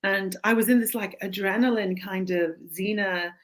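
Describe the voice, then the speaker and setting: A middle-aged woman, a guest in an interview, telling a personal story in a candid, animated way and acting out the voices of the people she quotes. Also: medium pitch, normal speed, rough recording.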